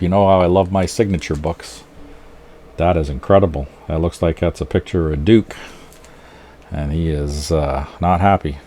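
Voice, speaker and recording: A middle-aged man chatting casually and excitedly while unboxing comic books for his channel. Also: deep voice, moderate pace, slight background noise. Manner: excitable, exclaims often. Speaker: comic book vlogger.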